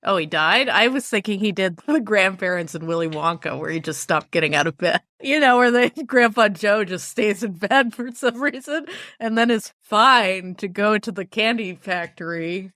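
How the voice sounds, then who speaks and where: A woman's voice: mid-range voice, pushed and bright, dry recording. Joking woman podcast co-host, dry sound. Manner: jokey, sarcastic, quick to laugh. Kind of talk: casual joking chat.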